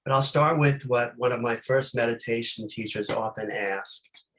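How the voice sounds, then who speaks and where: A man leading a meditation talk, reflective and unhurried, posing many gentle questions with pauses between them. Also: mid-range voice, low-quality recording. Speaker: meditation teacher.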